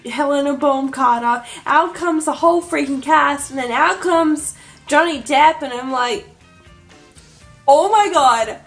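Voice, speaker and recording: A young woman telling an excited vlog story, gushing and breathless, full of "like" and "oh my god". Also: high-pitched. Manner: gushing, breathless, heavy use of "like". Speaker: vlogger.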